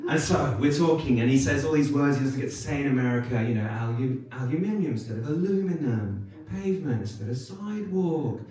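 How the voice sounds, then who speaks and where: A British man performing a stand-up comedy set on a club stage, wry and self-deprecating, with quick asides and audience laughter behind him. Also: medium pitch, a little mellow. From United Kingdom. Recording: echoey club room, mic from some distance.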